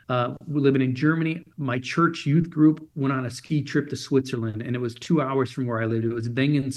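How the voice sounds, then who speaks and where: A man in his fifties, a guest in an interview, telling a personal story in an animated way and acting out the dialogue. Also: mid-range voice. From United States. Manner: animated storyteller, acts out dialogue with many repeated "he goes".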